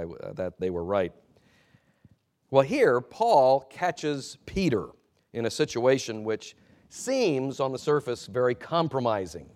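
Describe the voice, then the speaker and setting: A male pastor delivers a sermon in a mid-pitched voice. He reads scripture, then talks in an earnest, measured way, often pausing to gather his thoughts. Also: a little mellow. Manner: earnest and measured, with frequent hesitations.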